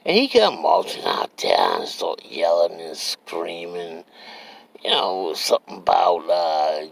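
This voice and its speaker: A man's voice: sits low, huge pitch swings, takes it slowly, gravelly. A man with a Cajun accent telling a rambling, profane story, drawling and often checking that he is understood. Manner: rambling, drawling, keeps asking "you understand me". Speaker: comedic storyteller. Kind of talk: casual profane storytelling monologue.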